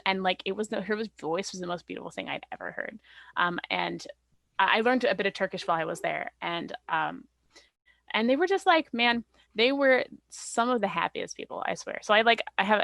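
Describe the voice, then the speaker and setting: A young woman from Canada talking as a podcast guest, rambling cheerfully with plenty of ums and likes. Her voice has a gravelly fry to it and sits at a mid pitch. The sound is close and dry. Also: a bit bright, no room sound. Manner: chatty, laughs often, many fillers. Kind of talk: casual chat.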